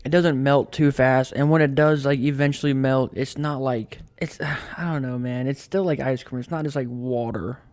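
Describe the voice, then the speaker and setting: Brief: young male co-host, mid-pitched, loose and rambling. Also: steady tone, normal speed, hardly any pauses, darkish tone, dry recording. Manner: rambling, filler-heavy. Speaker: podcast co-host. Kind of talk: casual podcast chat.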